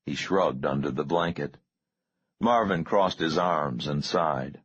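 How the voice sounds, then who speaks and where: A man narrating an audiobook in a measured, grave way. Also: extremely low pitch, fairly bright tone, husky. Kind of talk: scripted narration. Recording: dull lo-fi recording.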